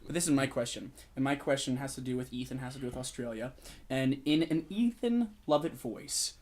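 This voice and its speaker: A man's voice: medium pitch, brisk, a little mellow, a little hiss or hum. Male podcast host, playful interviewer with a jokey manner. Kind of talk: casual interview.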